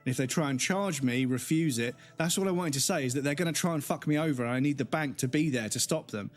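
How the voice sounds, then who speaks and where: A man's voice: fairly high pitch, fast talker, hardly any pauses, soft background music. A man, a gaming streamer, angrily ranting in a casual live stream full of swearing. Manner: angry, profane ranting.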